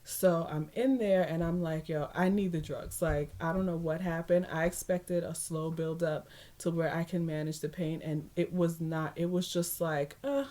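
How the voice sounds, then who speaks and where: Young woman vlogger, slightly low voice, animated storyteller who laughs and acts out quotes. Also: moderate pace, hardly any pauses. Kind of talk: casual storytelling.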